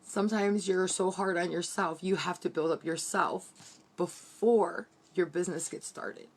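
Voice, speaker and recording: A woman's voice: fairly low pitch, fairly even intonation, a little slow. A woman giving an earnest, heartfelt motivational team training from her bedroom. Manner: earnest, heartfelt, repetitive pep-talk.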